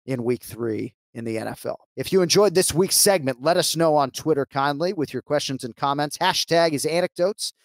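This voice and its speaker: A man's voice: on the high side, moderate pace, few pauses, dry recording. Chatty self-mocking American man. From United States. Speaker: host. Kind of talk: casual sports betting chat.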